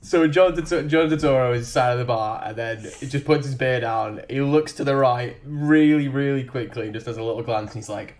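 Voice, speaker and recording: A man's voice: mid-range voice, brisk, hardly any pauses. A man in loose conversation, cursing casually and building up energy as he recounts a movie. He laughs at his own retelling and talks in bursts. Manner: sweary, excitable, laughing often. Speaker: podcast co-host. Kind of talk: casual chat.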